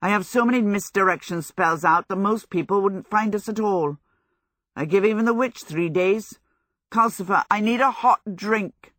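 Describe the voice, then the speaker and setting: A woman's voice: medium pitch, moderate pace, fairly bright tone, no echo, studio quality, lightly acted. A woman reading aloud, voicing a vain young male wizard who talks in a theatrical, irritable way. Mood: irritated.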